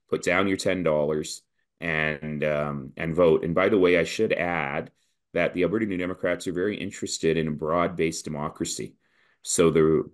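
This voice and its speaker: A man from Canada with a very deep, low voice speaks as a political candidate in a podcast interview. His delivery is animated and persuasive, building points through rhythmic repetition like a campaign speech.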